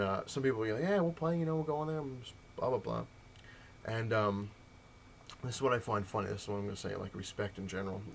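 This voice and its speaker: There's a little hiss or hum under this lowish male voice. He's a comic shop video host in his thirties, rambling through a story in a casual rant and mimicking the gamers he quotes in a mocking way.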